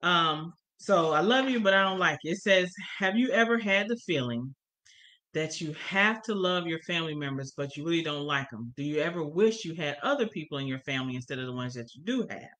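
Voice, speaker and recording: A woman's voice: deep voice, lively intonation, brisk, a bit bright. A woman co-teaching a church family course. She reads passages from the course material aloud and then explains them, stressing the key points.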